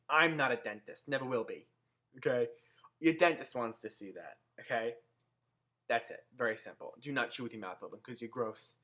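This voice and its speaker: Young male vlogger, very bright edge to the voice, mid pitch, sarcastic comic rant. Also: normal speed. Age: young adult. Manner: sarcastic, animated, swears. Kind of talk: comedic rant to camera.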